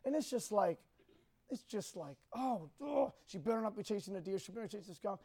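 A man speaking to a group, telling a personal story in a rambling, halting, emotional way. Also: sits high, a little mellow.

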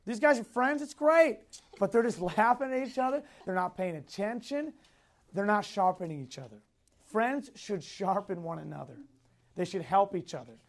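A man teaching a Sunday school lesson to a class, repeating key points, asking questions and chuckling often as he tells personal stories. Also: high-pitched. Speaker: youth Bible teacher.

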